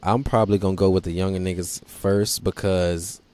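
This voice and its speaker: A man's voice: deep voice, level tone, moderate pace, dark tone. A young man hosting his own podcast, chatting casually in a blunt, profane, joking way. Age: young adult. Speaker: podcast host. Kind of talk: casual solo chat.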